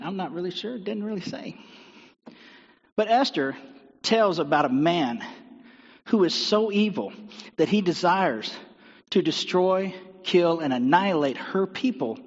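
A man preaching a sermon, retelling a story animatedly with rhetorical questions. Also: sits high. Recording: dull sound with long hall reverb.

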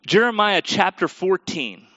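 Man, pastor, sermon, reads scripture, quiet then emphatic, questions the congregation, dry sound. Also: sits high, sing-song, a little slow, no echo, lo-fi sound. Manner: asks the audience questions directly.

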